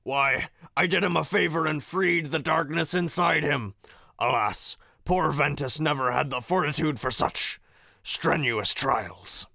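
A man voicing an old, smug and sinister male villain, reading game lines aloud in a slow, grandiose gravelly voice. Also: a little high, pushed and bright, no echo, clean studio sound, full character voice.

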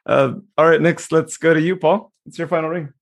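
A man hosts a casual online podcast, his voice sitting on the higher side for a man. He talks in a relaxed, halting way with plenty of fillers. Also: gravelly. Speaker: podcast host.

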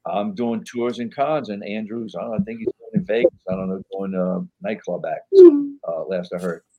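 A man's voice: on the low side, creaky, dark tone. A man, a podcast guest rambling through anecdotes with lots of fillers and voicing the people he quotes. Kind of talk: casual interview storytelling.

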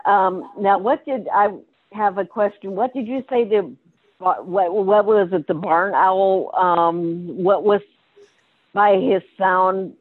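A woman's voice: medium pitch, steady tone, slow pace. A woman from Iowa calling in with a question, hesitant and restarting her sentences. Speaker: caller. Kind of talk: call-in question. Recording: tinny phone line.

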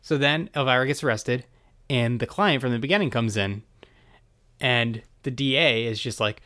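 A man giving a casual, rambling recap of a TV episode, wry and quick with crude asides. His voice sits at a middle pitch for a man and sounds like his everyday speaking voice. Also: pushed and bright, no echo, studio quality.

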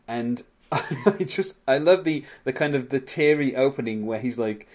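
A chatty male podcast host who walks through scenes of an episode in a loose, casual recap. He laughs often as he goes, and his voice sits at a middling pitch. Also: measured pace.

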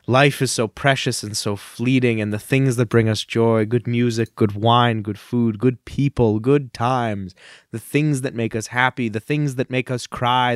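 A man's voice: mid-range voice, steady tone, measured pace, dry recording, clean studio sound. A man co-hosting a casual comedy podcast. He talks in an earnest, rambling way and drifts into grand speeches for laughs. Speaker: podcast co-host.

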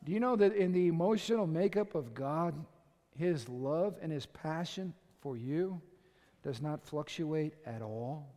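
An older man preaching a sermon in an animated, conversational way. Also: on the high side, unhurried. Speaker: pastor. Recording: echoey hall.

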